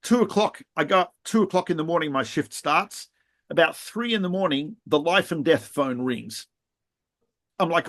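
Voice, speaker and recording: A middle-aged man, a rabbi co-hosting a podcast, telling animated anecdotes with laughs and restarts in casual chat. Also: a little high.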